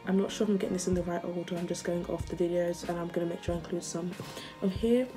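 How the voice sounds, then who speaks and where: A woman vlogger chatting casually and gushing like an excited fan. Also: lowish voice, quick pace, loud music behind the voice. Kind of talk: casual chat.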